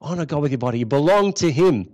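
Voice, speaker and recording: Higher-voiced man preaching conversationally. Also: animated, fast, darkish tone, poor audio. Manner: conversational, repeats key phrases. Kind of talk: sermon.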